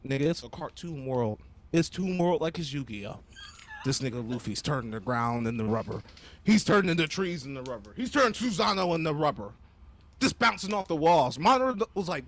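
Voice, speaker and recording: Young male panelist, high and expressive, swearing freely in a loose story. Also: fairly quick. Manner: animated, profane, slangy storytelling. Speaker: podcast panelist. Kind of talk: casual storytelling chat.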